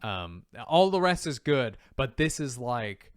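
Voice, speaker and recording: A man's voice: mid-range voice, big pitch swings, slow pace, clear, resonant tone, no room sound, clean studio sound. A man co-hosting a casual manga podcast, talking animatedly and jumping into character lines in a raised voice. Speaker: podcast co-host. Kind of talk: casual chat reviewing manga.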